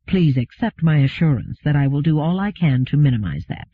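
A man voicing a calm, unfailingly polite male humanoid robot who speaks quietly and formally. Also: a little high, brisk, slightly rough, no echo. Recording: phone-like narrow sound.

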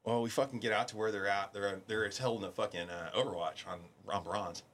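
A man's voice: fairly low pitch, a little fast, slight background noise. A middle-aged man telling war stories in casual podcast chat, swearing freely and acting out the people he quotes. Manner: profane, animated, acts out quoted voices. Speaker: podcast guest, military veteran. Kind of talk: casual storytelling.

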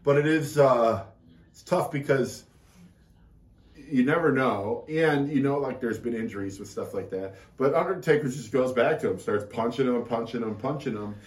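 Man, casual podcast co-host, rambling with fillers, mid-pitched voice, roomy echo. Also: normal speed, recorded from a distance. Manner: rambling, jokey, filler-heavy. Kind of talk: casual wrestling recap chat.

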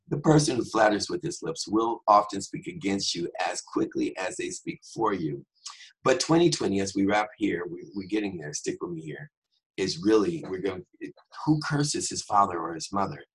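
A man's voice: on the low side, fairly bright tone, breathy edge, rough recording. A man hosting a devotional podcast who teaches scripture conversationally and drifts into humorous asides.

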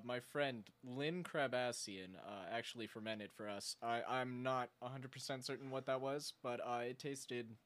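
A man hosting a comedy talk show, exasperated and deadpan, swearing as he gives up. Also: medium pitch. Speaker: show host.

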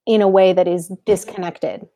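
A young woman with a slightly low, mellow voice talking about books with a friend. She chats quickly and explains through examples and side remarks. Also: fairly even intonation. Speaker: podcast co-host. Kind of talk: casual discussion.

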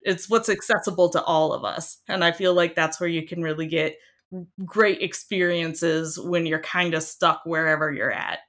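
A young woman from Iowa chatting casually as a guest, animated and emphatic, often laughing. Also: low-pitched, moderate pace. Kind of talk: casual chat.

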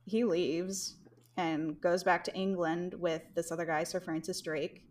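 Young woman podcast host, low voice, slow unhurried delivery, rambling chatty storytelling. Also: flat delivery, a little mellow, slight background noise. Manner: rambling, laughs often, swears casually. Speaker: podcast host telling history. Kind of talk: casual chat.

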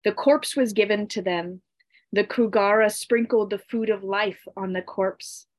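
Woman storyteller, very slow, solemn, dry close sound. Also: medium pitch, no echo. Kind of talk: storytelling narration of a myth.

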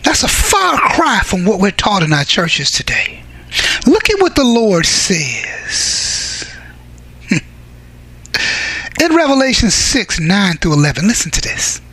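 A man preaching a fervent sermon, reading scripture aloud and breaking into shouts to drive his points home. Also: sits high, wildly swooping pitch, slow pace, pauses often, husky, no room sound.

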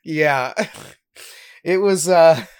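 A young man co-hosting a podcast, telling a story in a casual, giggly, animated way. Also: a little high, drawn-out words, clean tone. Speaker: podcast co-host.

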